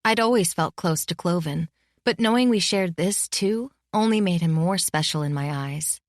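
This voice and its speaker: A woman reading a novel as an audiobook narrator in a measured, close style. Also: on the low side, no echo. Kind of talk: scripted narration.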